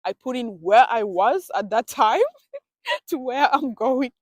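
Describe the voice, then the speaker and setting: A woman's voice: a little high, expressive, a little slow, no room sound. A woman telling a casual storytime vlog, chatty and dramatic, often talking to herself. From grew up in a village abroad. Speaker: vlogger.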